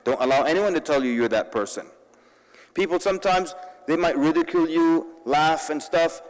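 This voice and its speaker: A fairly high-voiced man delivers a sermon-style talk to a convention crowd. He moves between lively storytelling with wry asides and urgent direct appeals to his listeners. His voice carries a long reverb from a large hall. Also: moderate pace. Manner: addresses the audience directly and urgently. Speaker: convention speaker.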